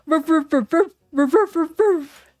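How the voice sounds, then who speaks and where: A woman voicing an excitable male dog professor, barking in a high yappy voice. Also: a little slow, dry recording, studio quality. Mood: excited barking.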